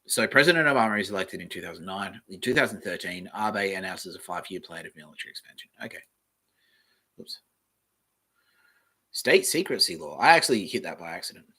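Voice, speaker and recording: A man hosting a casual solo podcast, reading aloud from the web and thinking out loud in a rambling way, with the odd swear. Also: low-pitched, animated, a little fast, slightly rough. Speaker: podcast host.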